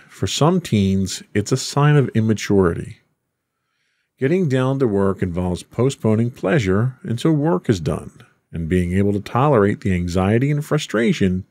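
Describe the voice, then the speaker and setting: A man's voice: mid-range voice, darkish tone, no room sound, studio quality. A man hosting a podcast, reading a script aloud between teasing, casual banter with his co-host.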